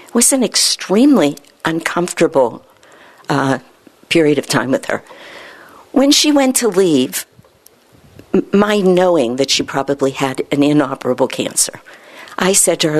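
A woman internist telling a story from her practice, acting out the dialogue with lively quoting. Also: deep voice, moderate pace. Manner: animated, acts out quoted dialogue. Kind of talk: storytelling talk.

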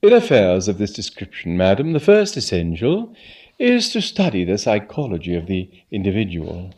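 A man doing a quiet formal valet. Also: lowish voice, huge pitch swings, normal speed. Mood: measured. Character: unflappable, formal, clever male valet.

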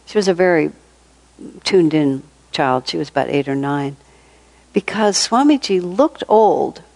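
A woman's voice: low voice, expressive, a little slow, creaky, a little mellow, rough recording. An older woman giving an informal spiritual talk, telling stories in a conversational way and laughing often. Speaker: spiritual teacher.

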